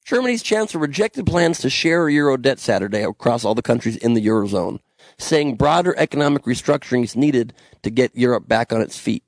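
A man's voice: medium pitch, fairly quick, no room sound. A young man hosting a podcast, reading the news with sarcastic, ranting commentary and frequent swearing, recorded alone in a small room. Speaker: podcast host.

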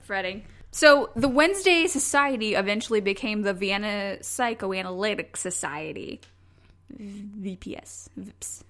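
Bright-voiced giggly woman. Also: mid-range voice, measured pace. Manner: giggly, animated storyteller. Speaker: podcast co-host. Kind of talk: casual chat.

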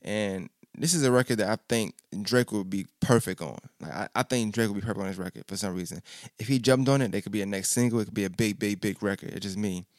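A man with a lowish voice talks through an album review in loose, casual slang, stuttering and circling back on his words. The sound is dry and close, with no room around it. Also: fast, no echo. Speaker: podcast host reviewing an album. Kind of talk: casual music review chat.

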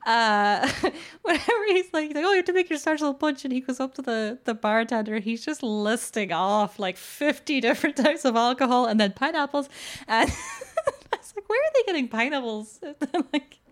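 A woman's voice: sits high, moderate pace. A woman co-hosting a casual film podcast, talking with lots of fillers and frequent laughter. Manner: animated, laughs often, many fillers. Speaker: podcast co-host.

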